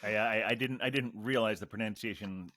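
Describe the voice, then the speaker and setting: A man's voice: lowish voice, a little fast, sharp tone. A man hosting a beer podcast, talking in a wordy, playful manner and explaining things at length. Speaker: podcast host. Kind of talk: casual chat over beer tasting.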